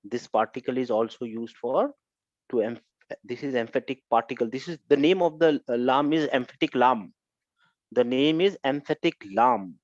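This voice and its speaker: A man teaching a grammar lesson, repeating his points and checking with a quick "huh?" to see if his students follow. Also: mid-range voice, expressive, no echo. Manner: repetitive, keeps checking with "Huh?". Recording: dull lo-fi recording.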